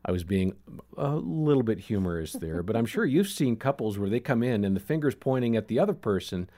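A middle-aged man hosts a faith-based talk show with a low voice that rises and falls a great deal. He tells stories on himself in a self-deprecating, chatty way. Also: expressive, fairly quick, dark tone. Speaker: radio show host. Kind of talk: casual Christian talk show chat.

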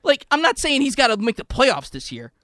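A male sports radio co-host with a high, bright, edgy voice. He talks bluntly and shoots down ideas with sarcasm. The studio sound is close and dry. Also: huge pitch swings, fairly quick, no echo. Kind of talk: casual sports talk radio.

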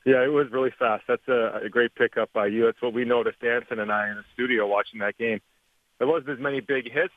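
A Canadian man and former hockey player talks through the game in a relaxed, chatty way, now and then laughing. His voice comes through a tinny phone line. The sound is dry and close. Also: medium pitch, no room sound. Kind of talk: phone interview, hockey analysis.

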